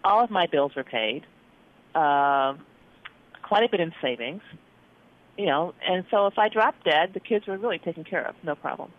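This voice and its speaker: A doctor telling a story in an interview, acting out the dialogue with lively expression. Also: mid-range voice, moderate pace. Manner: animated, acts out dialogue in quotes. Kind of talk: storytelling in conversation. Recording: phone-like narrow band.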